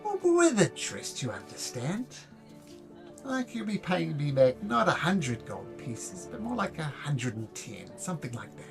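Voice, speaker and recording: A man voicing a gruff, overly friendly male bugbear moneylender in a tabletop game. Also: on the high side, wildly swooping pitch, unhurried, music in the background, pitched above the performer's own voice, exaggerated voice. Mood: wheedling. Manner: wheedling, overly friendly sales talk.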